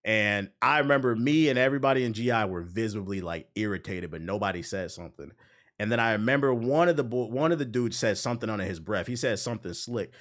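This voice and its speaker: A man's voice: on the low side, fast, a bit bright. A man streaming a game while telling a long story in casual, slangy, profane speech. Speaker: gaming streamer.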